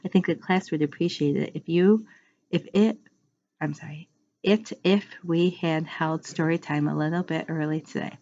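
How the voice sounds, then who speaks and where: A woman's voice: sits low, steady tone, normal speed, gravelly. A woman reading aloud gives voice to a kind, patient grown woman schoolteacher in a storybook. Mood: amused. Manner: kind, patient, gently amused. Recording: muffled lo-fi recording.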